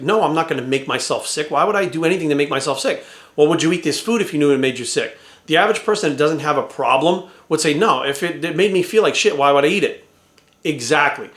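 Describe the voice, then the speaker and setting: A man's voice: fairly high pitch, fairly bright tone. A man, a fitness coach, ranting bluntly to camera with heavy swearing and rhetorical questions. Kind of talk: profane casual rant to camera. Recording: echoey room.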